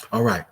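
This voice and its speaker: A man hosting a live dating-advice chat, preaching to viewers in an animated, joking way. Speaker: dating coach and host.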